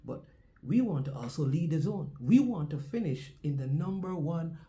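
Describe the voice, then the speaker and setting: Jamaican male sports host, warm mellow tone, preachy repetitive delivery. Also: fairly high pitch, lively intonation, moderate pace. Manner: preacher-like cadence, repeats phrases for emphasis. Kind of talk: casual sports commentary with a sermon-like opening.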